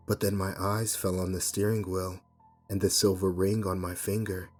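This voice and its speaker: Male horror narrator, low and breathy, measured first-person reading over faint music. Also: level tone.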